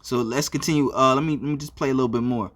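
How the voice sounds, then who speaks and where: A man's voice: mid-range voice, fairly even intonation, quick pace, fairly bright tone. A man giving religious commentary on a video, filling his talk with "all right" and "uh" between phrases. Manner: repeats "all right" often, with many fillers.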